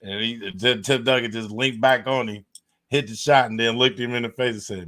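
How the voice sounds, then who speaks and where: A man's voice: medium pitch, fairly even intonation, moderate pace, pushed and bright. A man co-hosting a sports podcast in casual chat, talking in a laid-back, slangy way. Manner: laid-back slangy talk, laughs along. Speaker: podcast co-host.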